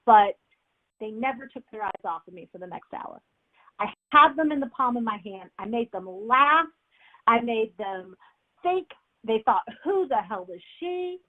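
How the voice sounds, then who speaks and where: A woman teaching a webinar on public speaking, energetic and repetitive, often asking "right?" to check in. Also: on the high side, a little slow. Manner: energetic, repeats key phrases, says "right?" often. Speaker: speaking coach. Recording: tinny phone-like audio.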